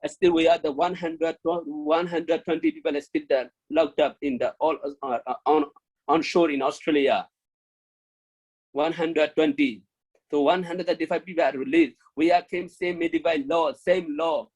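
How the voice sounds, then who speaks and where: Pleading man from Myanmar, halting English. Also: a little high, fairly even intonation, darkish tone, poor audio. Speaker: refugee speaker. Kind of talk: speech at an online launch event.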